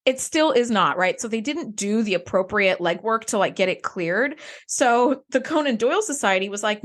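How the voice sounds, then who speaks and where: A woman co-hosting a podcast speaks in an expressive, mid-range voice, brisk and with few pauses. She's chatty and loose in casual conversation, laughing often and saying "like" a lot.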